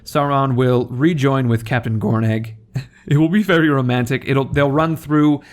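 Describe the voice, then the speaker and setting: A man's voice: mid-range voice, fairly even intonation, moderate pace. A young man giving casual, rambling game commentary, joking and self-deprecating as the host. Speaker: gaming video host.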